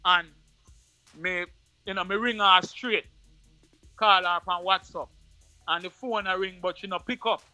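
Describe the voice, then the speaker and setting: A man with a Jamaican accent, an interview guest who tells a personal story in patois in an animated way, often repeating his words. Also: high voice, a little slow, pauses often, no echo, faint music behind.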